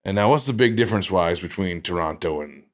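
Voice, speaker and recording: A man's voice: low voice, animated, fairly quick. A man co-hosting a comedy podcast, goofy and pushing running bits in casual chat. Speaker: podcast co-host.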